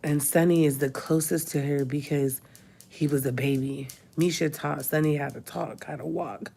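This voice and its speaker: Tearful woman with a low gravelly voice. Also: fairly even intonation, normal speed, dark tone. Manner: tearful, talks through crying. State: crying. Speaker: vlogger. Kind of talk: emotional personal vlog. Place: hospital room.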